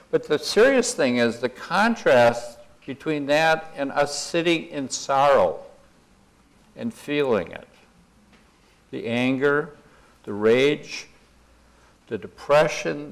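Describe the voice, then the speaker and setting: Older male conference speaker with a mid-pitched voice, folksy and rambling, self-deprecating humor. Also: creaky, low-quality recording. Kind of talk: conference talk, guided imagery. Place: conference room.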